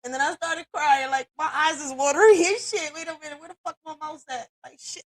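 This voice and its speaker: A woman hosting a casual livestream, candid and quick to swear and laugh. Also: high-pitched, no echo, poor audio. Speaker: livestream host.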